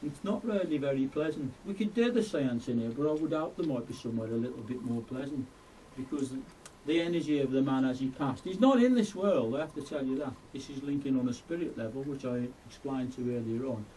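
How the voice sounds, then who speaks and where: A man speaks as a medium, earnest and confiding as he explains his sense of a spirit. His tone is mellow, and he sounds set back from the mic. Faint noise lies behind him. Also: mid-range voice, expressive, fairly quick, few pauses, distant mic, poor audio. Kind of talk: explaining spirit contact to a client.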